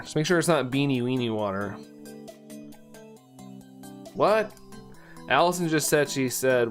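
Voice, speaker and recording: A man's voice: mid-range voice, animated, unhurried, pauses often. A man in his thirties chatting casually while live-streaming a game, rambling and joking with viewers over faint game music. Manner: chatty and rambling, playful jokes and laughter.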